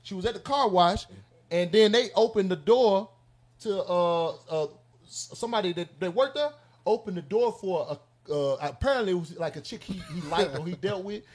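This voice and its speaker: A man telling stories in an animated, profane way, hosting a casual podcast chat. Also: high voice, normal speed.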